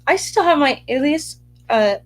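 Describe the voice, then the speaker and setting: A woman's voice: high-pitched, lively intonation, low-quality recording. Chatty upbeat woman co-hosting. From Utah. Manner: chatty, upbeat, quick asides. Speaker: podcast co-host. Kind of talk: casual chat.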